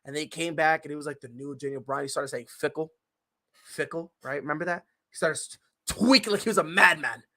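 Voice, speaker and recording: A man's voice: on the high side, fast talker, few pauses, pushed and bright. A man hosting a podcast, ranting in a casual, heated and profane way with lots of swearing. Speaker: podcast host.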